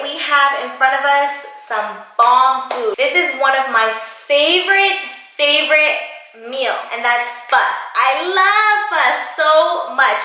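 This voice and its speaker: A young woman in a casual, excited vlog, her high voice bubbly and sing-song. Her bright, forward tone bounces around a very echoey room at home. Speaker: YouTuber. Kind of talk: casual mukbang vlog chat.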